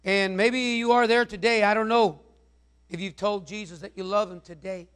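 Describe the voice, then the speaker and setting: High-voiced rambling male pastor. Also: fairly even intonation, moderate pace, fairly bright tone, clear, resonant tone. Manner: rambling, repeats words and fillers. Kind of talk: sermon.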